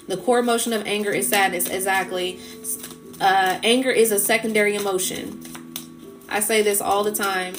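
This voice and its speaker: A woman's voice: mid-range voice, steady tone, normal speed, over music. Impassioned woman preaching on a livestream. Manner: impassioned, preachy, repeats phrases. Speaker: livestream spiritual speaker. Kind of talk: casual live-stream talk.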